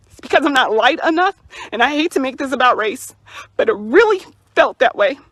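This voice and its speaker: High-pitched and a bit bright, with lively intonation and a slightly quick pace, a young mother tells the camera about being stopped by police. She stresses her indignation by repeating words, and the sound is dry.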